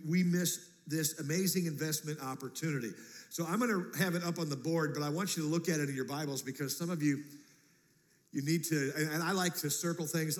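Guy preaching a sermon, kinda high voice, jokey and animated, big church echo. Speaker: pastor. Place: church sanctuary. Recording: long church reverb.

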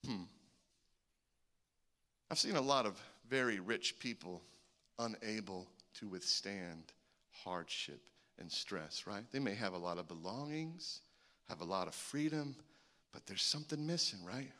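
A man in his forties preaching a sermon, an animated storyteller who acts out the voices in his stories. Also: fairly low pitch, measured pace. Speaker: pastor.

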